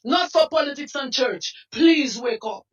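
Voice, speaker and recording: A man with a Dominican accent, a protest leader giving an impassioned interview with fiery, preacher-like appeals and bursts of shouting. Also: very high voice, lively intonation, unhurried, dull audio. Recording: distant mic.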